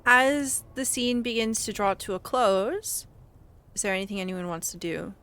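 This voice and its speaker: A woman running a tabletop game, narrating in a brisk, plain way at a middle pitch. She describes the action and asks for dice rolls. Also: a bit bright. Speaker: game master.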